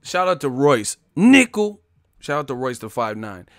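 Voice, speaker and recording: A man's voice: medium pitch, sing-song, moderate pace, no echo, clean studio sound. A man hosting a live stream, ranting in a sarcastic, mocking tone. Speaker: boxing live-stream host.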